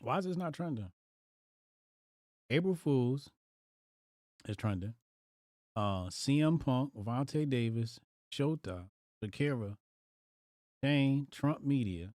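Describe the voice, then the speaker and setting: A man's voice: medium pitch, expressive, slow pace, pauses often, darkish tone, no room sound, studio quality. A man hosting a casual live stream, reacting aloud to headlines in loose slang. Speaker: livestream host.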